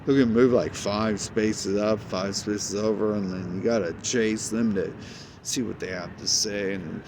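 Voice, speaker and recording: A man's voice: on the low side, fairly even intonation, measured pace, background noise. A man in a rambling, agitated monologue, cursing often and jumping between ideas.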